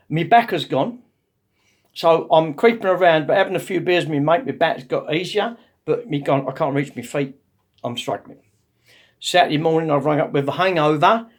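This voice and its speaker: A man in the role of a motivational speaker, telling a comic personal anecdote in a lively, cheeky way. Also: a little high, normal speed.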